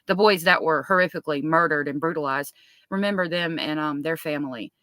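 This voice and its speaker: A woman's voice: low voice, brisk, a bit bright, dry recording. A woman hosting a casual true-crime livestream, talking in an emotional, apologetic way with many fillers. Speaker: livestream host.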